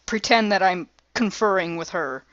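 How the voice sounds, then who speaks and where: A woman's voice: mid-range voice, normal speed, a bit bright, no room sound, muffled recording. A woman playing a tabletop game, talking in a polite, hesitant way. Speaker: player. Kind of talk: tabletop role-play.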